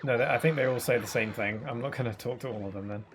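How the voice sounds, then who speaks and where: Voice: mid-range voice, quick pace. A game streamer chatting casually and joking while playing, laughing easily. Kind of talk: casual gameplay chat. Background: faint game music.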